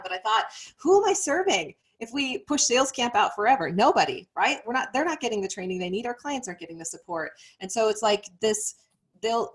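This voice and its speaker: A woman business coach and author in a casual chat, motivating listeners with direct questions. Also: mid-range voice.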